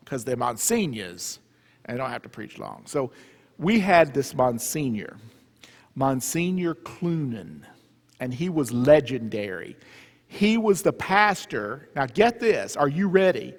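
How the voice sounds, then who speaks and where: A man's voice: fairly high pitch, animated, measured pace. A man from the Southern US with a Southern accent, giving a humorous retreat talk and quizzing the audience. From Southern US, Memphis area. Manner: joking, conversational, engaging the audience with questions. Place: church. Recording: reverberant church hall.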